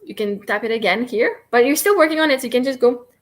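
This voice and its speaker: A woman's voice: on the high side, quick pace. A woman hosting a casual livestream, explaining and demonstrating tapping in a chatty, rambling, self-deprecating way. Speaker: livestream host teaching tapping.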